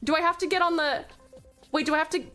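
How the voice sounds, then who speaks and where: A woman's voice: high voice, fairly even intonation, fast talker, sharp tone, soft background music. A woman from Tasmania, streaming a game, gushing over her chat with pet names and swearing freely. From Tasmania, Australia. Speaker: VTuber streamer.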